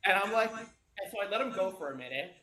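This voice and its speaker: Man, somewhat high voice, animated rambling storyteller, roomy echo. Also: fast talker, over a noisy crowd. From Chicago. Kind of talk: casual chat.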